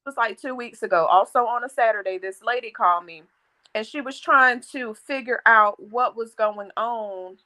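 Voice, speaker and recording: A woman chatting casually as a co-host, telling animated, frank stories and swearing freely. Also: fairly high pitch, normal speed, rough recording. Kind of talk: casual storytelling chat.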